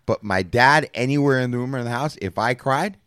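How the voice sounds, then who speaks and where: A man's voice: medium pitch, fairly quick, a bit bright, clear, resonant tone, dry recording, studio quality. A man co-hosting a podcast who talks candidly, swears freely and restarts his sentences. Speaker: podcast co-host. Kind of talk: candid conversational talk.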